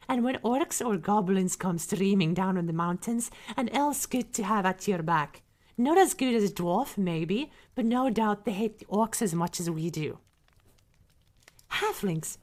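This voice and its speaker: A woman's voice: mid-range voice, animated, unhurried, close to an everyday voice. A woman voicing a proud, clannish dwarf in a put-on Scottish-Irish-like brogue, blunt and opinionated, in an ASMR role-play reading. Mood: gruff. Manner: blunt, opinionated, folksy speech with "ye".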